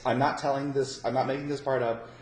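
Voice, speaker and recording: A man's voice: medium pitch, level tone, quick pace, a little mellow. A man telling a story in a casual, rambling way, full of stammered restarts and swearing when he gets worked up. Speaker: podcast guest telling a story. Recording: echoey room with faint noise.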